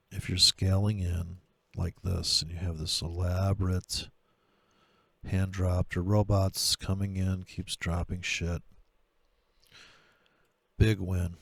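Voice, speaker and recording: A man talking through trading charts in a profane, sarcastic rant, with a gravelly voice. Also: sits low, no room sound. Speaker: trader. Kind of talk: screen-share trading commentary.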